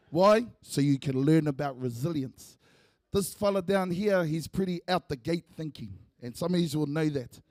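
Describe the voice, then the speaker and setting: A man's voice: fairly high pitch, normal speed, darkish tone, no echo, studio quality. A man with a New Zealand accent gives a light-hearted eulogy in a church. He jokes about family and uses Māori words. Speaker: eulogy speaker, family member. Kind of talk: humorous eulogy speech.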